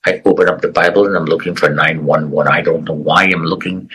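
A middle-aged man giving an earnest, emotional personal testimony as an interview guest, with dramatic pauses. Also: deep voice, fairly even intonation, fairly bright tone, slightly rough, rough recording.

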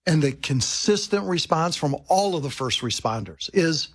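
A man's voice: a little high, lively intonation, moderate pace, slightly rough. A man talking earnestly as a guest on a radio show. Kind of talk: casual radio interview.

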